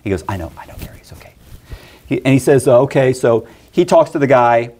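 A middle-aged man with a mid-range voice tells a personal story in casual conversation. He's animated, acting out other people's lines in quick voices.

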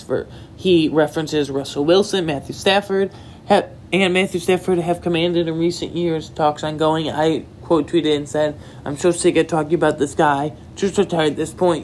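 A man's voice: a little high, a little mellow, slight background noise. Opinionated man recapping football news. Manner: opinionated, rambling, reads tweets aloud and reacts. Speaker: sports commentator. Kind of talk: casual solo sports recap.

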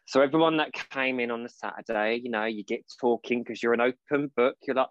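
A man from Portsmouth, chatting casually as a podcast co-host, telling lively stories and acting out voices. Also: medium pitch, brisk, hardly any pauses, no room sound, lo-fi sound. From Portsmouth, England. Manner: chatty storyteller, calls his partner babe, acts out voices in quotes. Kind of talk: casual chat.

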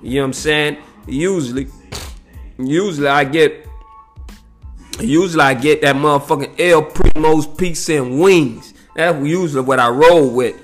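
A man telling a story in a profane, animated rant, peppered with "you know what I'm saying". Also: a little high, moderate pace, soft background music.

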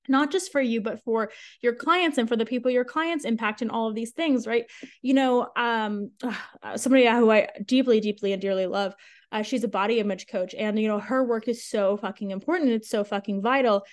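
Chatty, frank young woman, fairly high voice. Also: moderate pace, a little mellow. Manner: chatty, frank, heavy on fillers and swearing. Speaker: sales coach and podcast host. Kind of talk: casual solo podcast monologue.

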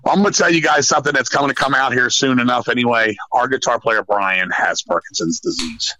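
A middle-aged man telling stories in a casual podcast chat, swearing often and rambling in an animated way. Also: medium pitch, fast talker, rough recording. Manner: profane, animated, rambling storyteller. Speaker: podcast guest, metal musician.

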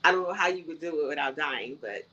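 A woman's voice: low voice, animated, fast, sharp tone, dull audio. A woman co-hosting a podcast in casual chat, blunt and joking, swearing freely. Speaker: podcast co-host.

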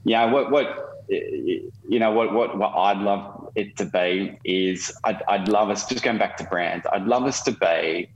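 A man's voice: on the low side, a little slow, hardly any pauses, highs cut off. A man explaining his car-share business in a rambling way, full of fillers and restarts. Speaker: car-share company representative. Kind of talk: casual interview talk. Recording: roomy echo.

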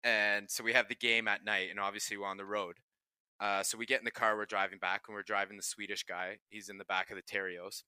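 A man's voice: on the low side, level tone, fast, bright, forceful tone, smooth, dry recording. A young man co-hosting a casual sports podcast, telling stories and laughing often as he goes. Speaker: podcast co-host.

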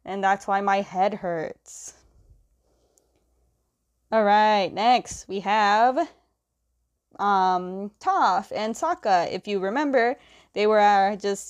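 A woman casually retelling the scenes of a comic, quoting the characters' lines with fillers and quick self-corrections. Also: mid-range voice, dull audio. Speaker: comic recap host. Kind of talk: casual story recap.

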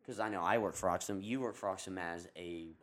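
A young man co-hosting a casual podcast outdoors, easygoing and quick to laugh. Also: deep voice. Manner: easygoing, laughs often, agreeable. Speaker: podcast co-host, wholesale manager. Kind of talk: casual chat. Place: outdoors by a parking lot.

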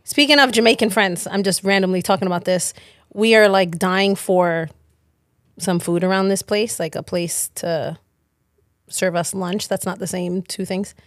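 A woman's voice: medium pitch, moderate pace, no room sound, clean studio sound. A woman pastor co-hosting a podcast in casual chat, playful and teasing, laughing often.

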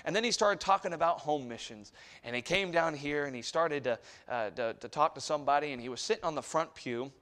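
A man preaching a sermon in a church sanctuary as a missionary preacher. He tells stories, swinging from hushed asides to loud exhortation, and calls out to the congregation for responses. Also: a little high, fairly quick.

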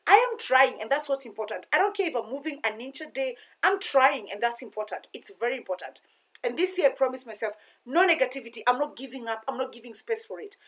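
A young woman speaking earnestly in a personal confessional vlog, often repeating self-affirmations. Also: on the high side. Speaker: vlogger.

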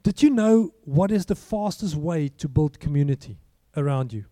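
A man preaching with a high, strikingly mellow voice. He talks to his congregation in an easy, conversational way and keeps asking them questions. The sound is dry and close. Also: lively intonation, moderate pace, dry recording. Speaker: pastor. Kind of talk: sermon.

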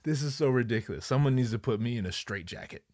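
A man telling a comedic story at his desk, profane and animated, acting out the people in it. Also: medium pitch, fast, dry recording, studio quality. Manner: animated, profane, acts out voices.

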